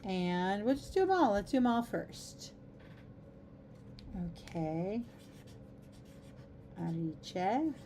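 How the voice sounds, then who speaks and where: A middle-aged woman chats her way through a crafting livestream in a warm, mellow voice. She rambles easily from one aside to the next and giggles often. A faint hiss of noise sits behind her. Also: mid-range voice, big pitch swings, slow pace, long pauses. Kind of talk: casual chat while crafting.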